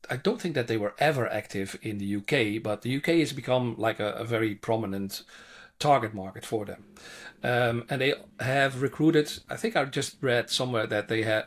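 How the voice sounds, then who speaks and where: A man, a China expert answering interview questions in animated, conversational English full of restarts. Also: fairly low pitch. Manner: animated, frequent restarts and repeated words.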